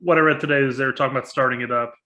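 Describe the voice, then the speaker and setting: Bright-voiced chatty male podcast host. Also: mid-range voice, fairly even intonation, rapid-fire. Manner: rambling, chatty, laughs along. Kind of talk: casual chat.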